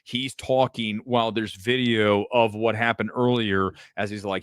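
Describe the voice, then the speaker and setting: A man hosting a casual live commentary show, animated and profane, jumping from topic to topic. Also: on the low side, normal speed, few pauses, no echo, studio quality. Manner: animated, swearing, jumps between topics. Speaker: host.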